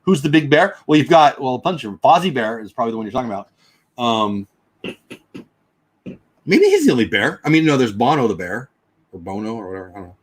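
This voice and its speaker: A man with a slightly husky, breathy voice chats loosely on his livestream, thinking out loud as he answers viewers. His pitch swings widely and freely as he goes. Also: very animated, fast talker, pauses often. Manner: chatty, rambling, thinks out loud. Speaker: livestream host. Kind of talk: casual livestream chat reading comments.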